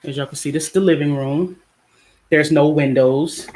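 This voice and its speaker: A woman's voice: sits low, normal speed. Blunt middle-aged woman venting. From United States. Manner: venting, blunt, animated, laughs often. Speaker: vlogger. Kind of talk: casual vlog rant and apartment tour. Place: small apartment indoors. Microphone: phone camera held by speaker.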